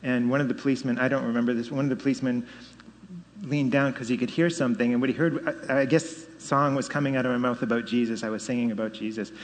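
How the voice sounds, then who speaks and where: A man's voice: medium pitch, fast talker, a little hiss or hum. Man telling his testimony in a reverberant hall. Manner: animated storytelling with laughs and rising emphasis. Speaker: speaker giving testimony. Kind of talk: personal testimony.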